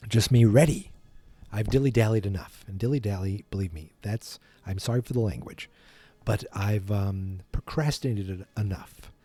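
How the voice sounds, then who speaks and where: A man's voice: on the low side, warm tone, no room sound. A man hosting a podcast, casually retelling a film from memory in a rambling, self-deprecating way. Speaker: podcast host.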